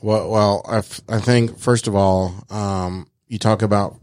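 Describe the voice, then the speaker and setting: A male host with a fairly low voice talks with a guest in a casual interview. He is supportive and encouraging, and he hesitates often, filling gaps with "um"s and restarting his phrases. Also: fairly even intonation, a little slow, a little mellow.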